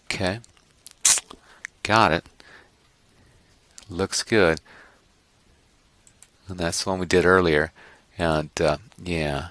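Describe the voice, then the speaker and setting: A man instructing an online class through a screen-recorded software tutorial, rambling and correcting himself with joking asides to his students. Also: low-pitched, steady tone, slow pace, long pauses, dry recording.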